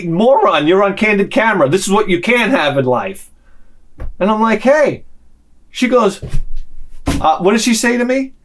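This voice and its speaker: New guy hosting a casual vlog, lively, up-and-down delivery, pitched a bit high, acts out every quote. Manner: animated, swings loud and quiet, acts out quotes. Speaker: channel host.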